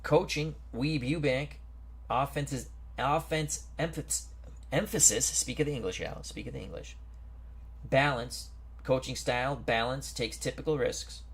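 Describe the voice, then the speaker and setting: A man hosting a football strategy game stream, reading out team rosters and greeting viewers in a chatty, unhurried way. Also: mid-range voice, husky. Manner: slow, chatty, greets viewers and stumbles over names. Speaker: host. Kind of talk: casual game commentary.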